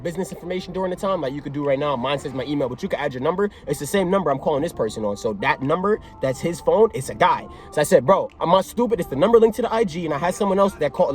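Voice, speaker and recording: An excitable young man tells a storytime on his vlog, jumping into the voices of everyone involved. He talks fast in a fairly high voice, and a bit of music plays softly behind him. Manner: excitable, acts out both sides of the conversation, lots of slang. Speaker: vlogger.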